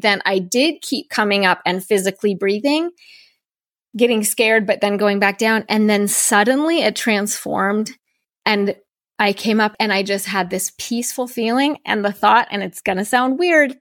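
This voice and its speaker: A woman's voice: mid-range voice, fairly bright tone, dry recording, clean studio sound. Reflective woman telling a personal story. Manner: reflective, recounts with quoted inner thoughts. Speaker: podcast host.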